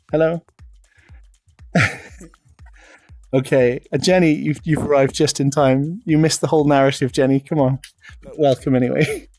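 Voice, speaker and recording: A man's voice: a little high, creaky, darkish tone, dry recording. A British man streaming live, chatty and self-deprecating, laughing often as he talks to viewers. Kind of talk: casual live-stream chat.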